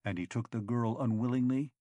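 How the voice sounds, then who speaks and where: A man's voice: fairly even intonation, a little fast, mellow, no echo, lo-fi sound, natural voice. A man voicing a big, silent, determined male hero who speaks tersely. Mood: resolute. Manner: low, terse, resolute.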